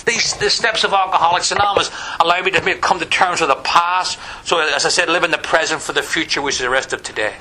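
A man's voice: a little high, quick pace, hardly any pauses, pushed and bright, slight background noise, poor audio. A middle-aged man with a Northern Irish accent, giving a wry personal testimony at a recovery meeting, with many "you know" fillers. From Northern Ireland.

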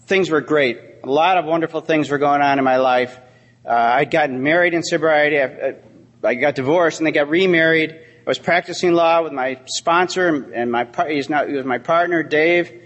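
A man's voice: fairly high pitch, moderate pace, a bit bright, lo-fi sound. A middle-aged man giving an AA talk, telling a story from his sobriety with heartfelt, dry humor. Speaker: AA speaker. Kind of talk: recovery talk. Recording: long hall reverb.

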